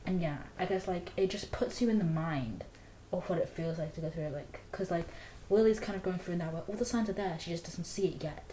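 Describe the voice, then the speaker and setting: Young woman, mellow lowish voice, rambly book-vlog chat, echoey room. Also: brisk, a little hiss or hum. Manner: rambling, full of "like" fillers. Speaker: book vlogger. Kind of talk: casual book review chat.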